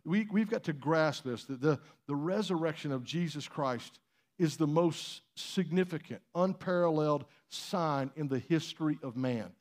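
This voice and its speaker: A man's voice: a little high, normal speed, a little mellow. A man preaching a sermon in church, conversational and emphatic, with rhetorical questions. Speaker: pastor.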